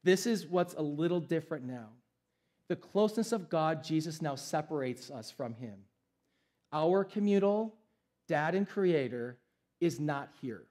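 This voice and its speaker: Young pastor guy preaching, emphatic and chatty, voice a bit on the high side. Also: animated, a little slow, darkish tone. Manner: emphatic, conversational preaching with shifting pace. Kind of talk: sermon.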